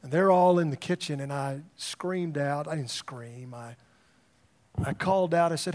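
A man's voice: fairly high pitch, unhurried, a little mellow. A middle-aged man, a pastor, preaching a sermon in a conversational storytelling way, often repeating words as he starts a thought.

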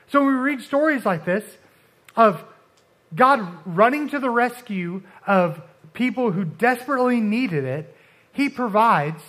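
A man preaching a casual, conversational sermon, often restarting and dropping suddenly soft for emphasis. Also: high voice. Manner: conversational, uses filler like and restarts, dramatic drops to soft.

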